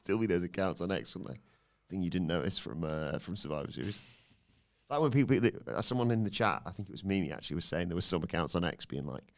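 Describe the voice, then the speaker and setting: A man with a fairly low voice co-hosts a relaxed live podcast. He works through viewer messages and greets people in the chat with easy, offhand fillers. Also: fast talker, gravelly. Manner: reads out chat comments with fillers.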